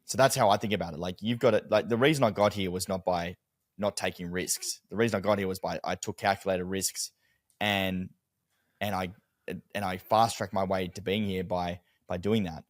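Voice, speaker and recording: A man talking in a casual chat, telling stories in an animated way and swearing freely. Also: sits low, moderate pace, no room sound, clean studio sound. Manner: animated storytelling, heavy swearing.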